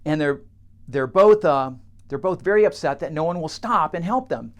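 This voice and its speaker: A man who works with clients, telling a teaching story straight to camera in a halting way, with many fillers and restarts. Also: a little high, expressive. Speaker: coach working with clients.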